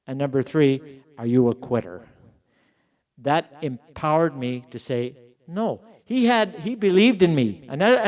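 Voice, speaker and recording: A middle-aged man giving a conference keynote, emphatic, slowing down and repeating words to stress his points. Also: fairly high pitch, darkish tone. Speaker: keynote speaker at an education summit. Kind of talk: conference speech.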